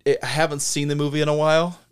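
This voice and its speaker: A man's voice: fairly high pitch, little pitch movement, racing, slight background noise. A man co-hosting a casual podcast, chatting about movies in a rambling, jokey way. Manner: rambling, jokey, sings and mimics. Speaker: podcast co-host. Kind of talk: casual chat.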